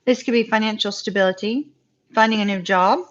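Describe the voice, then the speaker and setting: A woman with a Southern US accent giving a live tarot reading, chatty and reassuring and quick to laugh. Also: medium pitch, steady tone. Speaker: tarot reader. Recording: dull lo-fi live-stream audio.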